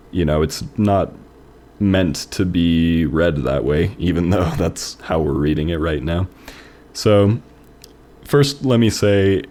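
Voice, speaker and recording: A man's voice: low voice, a little mellow. A man hosting a review of fan-submitted poems, reading them aloud and then discussing them in a thoughtful, conversational way. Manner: thoughtful, conversational, many fillers like "you know" and "right". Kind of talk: reading aloud and casual critique.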